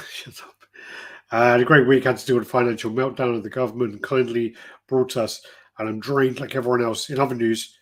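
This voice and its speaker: A man hosting a podcast, rambling through profane, casual stories with quick asides. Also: medium pitch, fairly even intonation. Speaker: podcast host. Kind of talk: casual chat.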